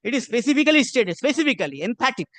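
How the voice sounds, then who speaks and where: Insistent high-voiced male advocate in court. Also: big pitch swings, rapid-fire, bright, forceful tone, no room sound. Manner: insistent, repeats "my lord" constantly. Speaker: advocate arguing a case. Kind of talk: courtroom legal argument.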